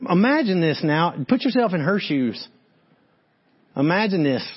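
A man's voice: high-pitched, unhurried, husky. A man preaching a sermon, reading Bible verses and talking straight to his listeners. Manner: animated, talks straight to listeners, reads verses then comments. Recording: dull lo-fi sound.

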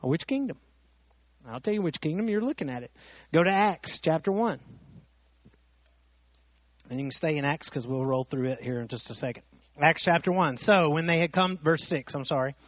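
High-voiced animated preacher. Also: male voice, moderate pace, long pauses, dry recording, highs cut off. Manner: animated preacher asking the crowd rhetorical questions. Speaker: pastor. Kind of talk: sermon.

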